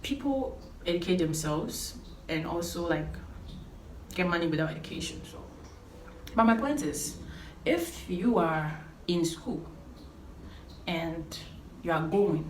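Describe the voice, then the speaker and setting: A young woman gives earnest, emphatic advice to her viewers, repeating her key points. Her voice sits a little low. The room is roomy and echoey, with a faint hum of noise behind her. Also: unhurried, long pauses, darkish tone. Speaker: vlogger giving life advice. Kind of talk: casual talking-to-camera advice.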